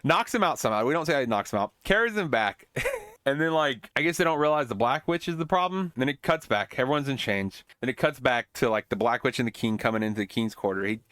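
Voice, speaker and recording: Man host, rambling movie recap, mid-pitched, dry close mic. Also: animated, fast talker, a bit bright, no echo. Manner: rambling, many fillers and restarts. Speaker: podcast host.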